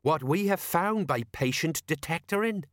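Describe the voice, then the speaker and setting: A man's voice: fairly high pitch, expressive, normal speed, fairly bright tone, no room sound, clean studio sound, pitched above the performer's own voice. A man voicing a self-important, blustering male watch sergeant in an audiobook. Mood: pompous. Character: pompous know-it-all male watch sergeant.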